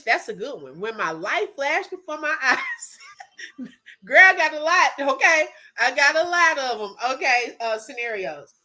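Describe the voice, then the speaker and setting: A woman telling a story in casual chat to her viewers, animated and laughing often. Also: sits high. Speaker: livestream host chatting with viewers.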